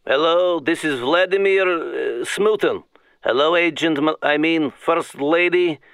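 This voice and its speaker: A man voicing a sly male Russian leader with a heavy put-on Russian accent, speaking broken English with slow pauses. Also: on the high side, fairly bright tone, clear, resonant tone. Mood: scheming.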